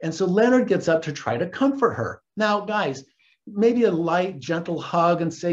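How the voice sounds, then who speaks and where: Animated man recapping with laughter. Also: high voice, normal speed. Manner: animated, laughs often while retelling. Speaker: host. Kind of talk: casual episode recap. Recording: dull lo-fi recording.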